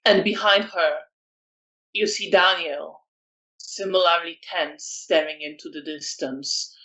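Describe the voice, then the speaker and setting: A storyteller narrating a vampire tabletop game in slow, descriptive lines with fillers. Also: medium pitch, fairly even intonation, sharp tone, rough recording.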